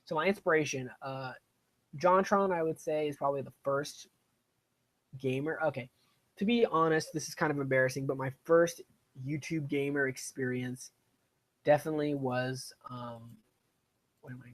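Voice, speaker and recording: A man's voice: mid-range voice, fairly even intonation, normal speed. A young man chatting casually during a live game stream, rambling and self-deprecating as he plays. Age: young adult. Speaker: gaming streamer. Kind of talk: casual live-stream commentary while playing.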